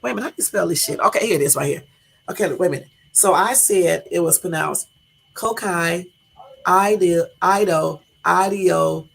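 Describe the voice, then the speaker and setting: A woman's voice: on the low side, animated, fast talker, creaky, breathy edge. A woman hosting a casual live stream, chatty, laughing at her own stumbles and talking to her viewers directly, with a Californian accent. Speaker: livestream host.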